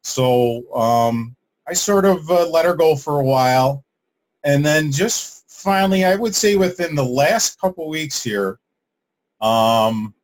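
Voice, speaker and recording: A man telling a personal story to a coach, rambling and halting with many fillers. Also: mid-range voice, poor audio. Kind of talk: casual storytelling.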